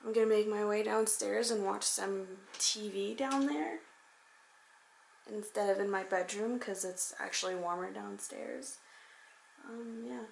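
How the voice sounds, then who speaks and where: A woman's voice: medium pitch, measured pace, vocal fry, slight background noise, poor audio. A young woman chatting casually in a holiday vlog at home, laid-back and laughing often, recording on a handheld camera. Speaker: vlogger. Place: house during a holiday visit. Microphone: handheld phone or camera.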